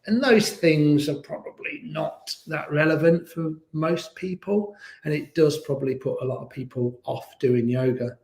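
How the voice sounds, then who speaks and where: A man's voice: a little high, normal speed, gravelly, a little mellow. A man guiding a beginners yoga class, chatty and encouraging, with little laughs. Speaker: yoga instructor. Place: yoga studio. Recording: roomy studio echo.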